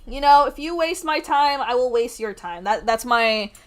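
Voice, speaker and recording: A woman streamer telling a story in a casual, animated rant, swearing freely and able to project her voice loudly. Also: fairly high pitch, moderate pace, faint music behind. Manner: can project a loud voice. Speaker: art streamer.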